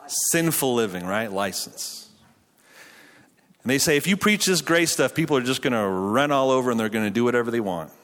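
A man's voice: medium pitch, expressive, fairly quick, fairly bright tone. Man preaching in a reverberant hall. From Canada. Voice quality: chatty, self-deprecating storytelling with frequent restarts. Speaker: pastor. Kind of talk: sermon. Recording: hall reverb from a live venue.

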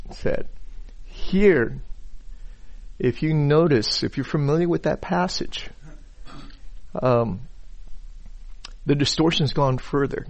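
A man who is a pastor, delivering a sermon in an unhurried way, often repeating words as he thinks and reading scripture aloud. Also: medium pitch, highs cut off. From Chinese background.

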